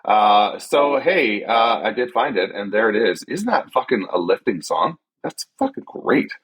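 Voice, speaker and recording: Slow, husky-voiced male podcast host. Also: fairly low pitch, sing-song, a bit bright, low-quality recording. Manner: rambling and loose, with frequent fillers and swearing. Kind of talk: casual solo podcast chat.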